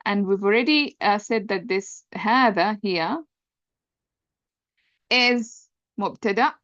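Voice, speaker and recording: A woman's voice: medium pitch, measured pace, fairly bright tone, dry recording, lo-fi sound. A woman teaching an Arabic grammar lesson, patiently explaining step by step and often checking with "right?". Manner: patient, repeats points, checks understanding with "right?".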